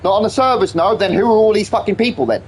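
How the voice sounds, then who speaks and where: High, lively man ranting. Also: fast talker, slight background noise. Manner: exasperated ranting, heavy swearing. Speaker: streamer. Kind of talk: livestream gaming commentary.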